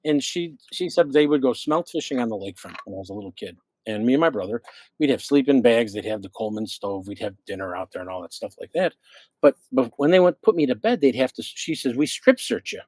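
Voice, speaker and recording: Animated Midwestern storyteller man, dry sound. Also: medium pitch, fast, no echo. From American Midwest. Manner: animated storyteller acting out quotes. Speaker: radio show host, guest. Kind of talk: casual storytelling chat.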